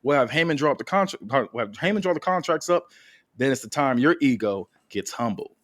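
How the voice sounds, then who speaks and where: A man's voice: mid-range voice, lively intonation, brisk, a bit bright, no echo, studio quality, close to an everyday voice. A man voicing a cocky, cheerful male pro wrestler who taunts his rival in a raised, confident voice. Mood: smug.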